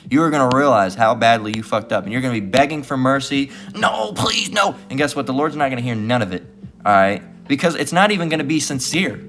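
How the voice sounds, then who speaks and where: A man's voice: medium pitch, quick pace, a bit bright, soft background music. A man preaching scripture in a combative, profane tone, repeatedly asking "all right?" and "guess what". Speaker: street-style preacher.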